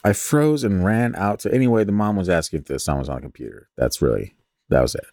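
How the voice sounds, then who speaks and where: A young man with a deep, low voice hosts a casual podcast, reading listener stories in a lively, swinging delivery. He keeps stopping to joke around, and the sound is dry and close. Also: quick pace, no echo. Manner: joking, swears casually, breaks off to tease. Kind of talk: casual chat and story reading.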